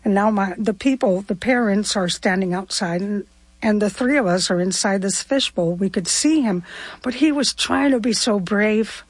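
Older woman from Cuba, slightly husky voice, middle pitch, heartfelt reflective storyteller. Her voice is recorded close and dry, with no room sound around it. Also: normal speed, no room sound. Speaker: guest. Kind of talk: personal storytelling interview.

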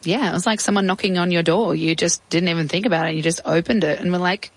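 A woman's voice: fairly low pitch, fast talker, husky, dry recording, poor audio. A woman with an Australian accent, probably in her thirties, telling her personal story in an interview with casual, reflective talk and lots of quoted speech. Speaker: interview guest.

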